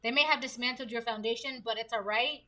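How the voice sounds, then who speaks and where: A woman's voice: on the high side, fast, pushed and bright. A woman giving a casual tarot reading, chatty and slangy, often laughing between points. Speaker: tarot reader.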